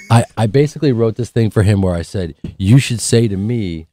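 A man from Chicago, a guest actor on a radio show, telling lively anecdotes and mimicking others. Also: fairly low pitch, normal speed. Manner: animated storyteller, acts out others' voices. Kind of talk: radio studio chat. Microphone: studio microphone.

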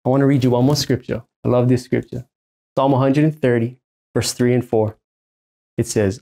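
A man from Hawaii in his thirties delivers a sermon from a church stage. He is emphatic and repeats his main points so they land. His pitch sits in the middle for a man. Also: lively intonation, moderate pace, mellow. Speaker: pastor.

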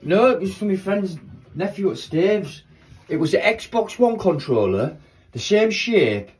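A man's voice: sits high, lively intonation, unhurried. A man, chatting casually and telling rambling jokey stories while baking in his kitchen. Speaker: vlogger. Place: home kitchen. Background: rock music playing from a smart speaker.

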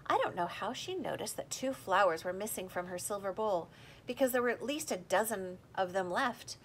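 Woman, storybook narration, animated delivery, faint low rumble behind. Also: moderate pace. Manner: lively, expressive reading, voicing the characters. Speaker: audiobook reader. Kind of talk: storybook narration with character voices.

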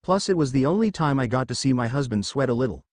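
A man putting on a cheerful, teasing mother for a story reading, playful and lively in a lightly raised voice. The recording is dry and close. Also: medium pitch, quick pace, dry recording, lightly acted.

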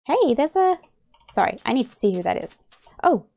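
A young woman commenting on her own game play, excitable and gasping, rambling as she plays. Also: fairly high pitch, normal speed. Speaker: gaming YouTuber.

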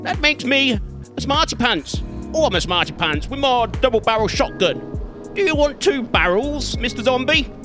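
A man's voice: very high voice, sing-song, normal speed, over music. A man giving playful, theatrical let's-play commentary, talking back at the game and its zombies. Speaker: gaming channel host.

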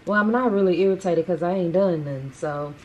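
A woman's voice: on the low side, fairly quick, a little mellow, slight background noise. A woman hosting her own vlog, chatting casually and informally to the camera as she goes about her day. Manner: chatty, informal, Southern-style slang. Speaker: vlog host.

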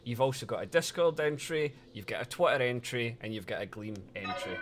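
A man chatting casually on a live stream, excitable and swearing freely, laughing often as he talks to his chat. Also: mid-range voice, a little fast, a little hiss or hum.

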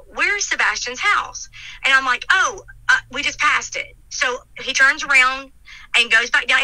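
Middle-aged woman, animated storyteller acting out quotes, bright, dry sound. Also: on the high side, no echo, rough recording. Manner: animated retelling, acts out quoted dialogue. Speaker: interviewee, neighbor telling her account. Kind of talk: emotional storytelling in an interview.

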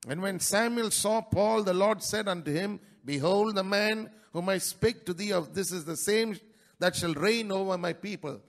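A male pastor preaching a sermon in a church, breaking into sudden loud rises and dropping into quick, quieter asides. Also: high voice, gravelly. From India.

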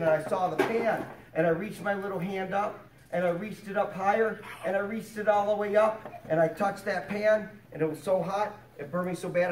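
A man performing a fire safety show for preschoolers, telling a story in an animated, sing-song way. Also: sits high. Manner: animated, sing-song, talks down warmly to little kids. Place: preschool classroom. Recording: roomy, distant, with children and noise. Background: young children chattering and answering.

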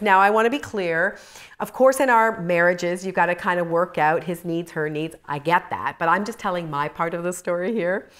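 A woman teaching a Christian course for women, telling personal stories expressively and moving from emphatic to soft. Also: medium pitch. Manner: laughs while telling stories.

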